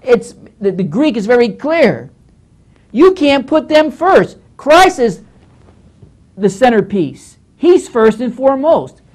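A man teaching scripture as a pastor, with a lively voice that swings widely up and down. He talks emphatically, scolds now and then, and repeats phrases as he works through each point. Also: very high-pitched, slow. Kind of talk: Bible teaching lecture.

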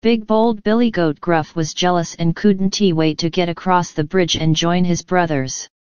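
A woman telling a children's story in a careful, clear reading for learners. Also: fairly low pitch, fairly even intonation, moderate pace, darkish tone, no room sound, dull audio. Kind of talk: scripted storybook narration.

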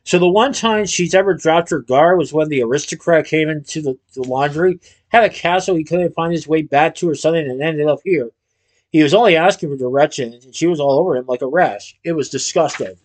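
A man voicing a wary, practical young girl who speaks quietly and skeptically. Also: on the high side, a little fast, natural voice. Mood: explaining.

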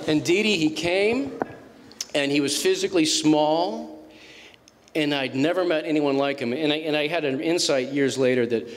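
A man in his fifties, an author talking to an audience and telling animated anecdotes with frequent restarts. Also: on the high side, normal speed. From Massachusetts. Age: 50s. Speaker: author speaking at a book event. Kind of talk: storytelling talk to an audience. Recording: reverberant hall.

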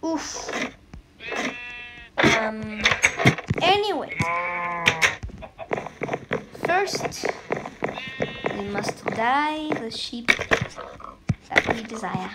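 A woman's voice: fairly high pitch, very animated, extremely slow, long pauses. A woman giving casual, playful commentary on her own gameplay and chatting to the animals in the game. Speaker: gameplay video creator. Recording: loud background noise.

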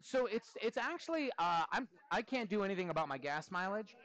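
A man's voice: high voice, very animated, fairly quick, fairly bright tone, low-quality recording. A man teaching a math class in a classroom, playful and coaxing with his students.

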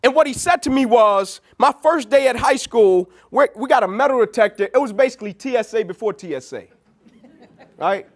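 A man's voice: very high-pitched, a little fast. A man giving a motivational keynote speech, telling stories and acting out what people said. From Atlanta, USA. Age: young adult. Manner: storytelling, animated, quoting people in dialogue. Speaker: keynote speaker. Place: large event venue.

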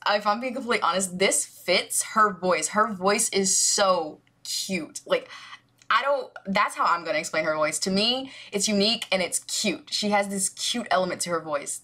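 A woman's voice: mid-range voice, a bit bright. A woman hosting a music reaction video, gushing and rambling with lots of fillers. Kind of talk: casual music reaction commentary.

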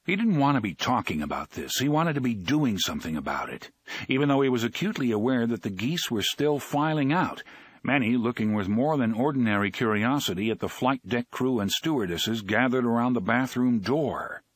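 A man narrating an audiobook in an expressive, dramatic reading. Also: mid-range voice, fairly quick, husky, no room sound.

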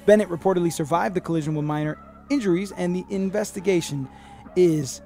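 A high-voiced man talks fast with vocal fry over soft background music. He hosts a comedy podcast, reading odd news stories aloud and riffing on them with plenty of profanity. He's animated and puts on voices for the people he quotes.

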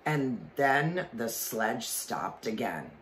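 A man reading a children's storybook aloud with expression, pausing to explain the story to listeners. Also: mid-range voice, sing-song, fairly bright tone, slight background noise. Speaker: reader.

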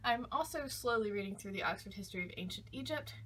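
A woman's voice: medium pitch, animated, fast talker, a bit bright, a little hiss or hum. A young woman vlogging casually, chatty and enthusiastic as she talks through her bookshelves, often trailing off and restarting.

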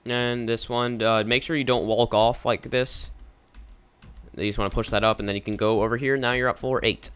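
A man's voice: medium pitch, flat delivery, moderate pace, fairly bright tone, clear, resonant tone. A young man casually talking through a game walkthrough in a rambling, offhand way. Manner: rambling, casual, easily confused. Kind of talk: casual gameplay commentary.

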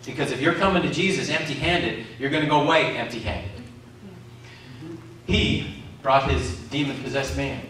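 A man's voice: mid-range voice, normal speed, a bit bright, a little hiss or hum. A man preaching a sermon, calling out questions to the congregation. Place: community centre hall. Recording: echoey hall from far off.

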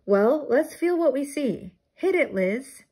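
A woman reading a storybook aloud, voicing a lively, encouraging woman teacher. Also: mid-range voice, normal speed, noisy background, lightly acted. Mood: cheerful. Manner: bright and encouraging.

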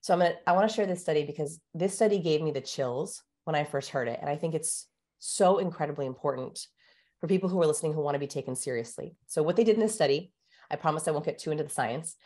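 A woman speaking as a guest expert in an interview, explaining ideas in an animated, teacherly way, speeding up and slowing down for emphasis. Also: low-pitched.

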